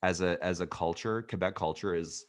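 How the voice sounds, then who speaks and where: Campy low-voiced comedian from Canada. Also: male voice, normal speed, smooth. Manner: campy, animated, self-mocking storyteller. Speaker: guest comedian. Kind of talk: casual podcast chat.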